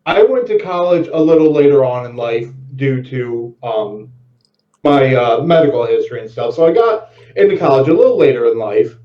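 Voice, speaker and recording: A middle-aged man tells stories as a podcast guest, his pitch swinging widely as he acts out each quote. He sits back from the mic, so he sounds roomy, distant and a little dull. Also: moderate pace. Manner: lively storyteller, acts out quotes. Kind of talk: casual chat, storytelling.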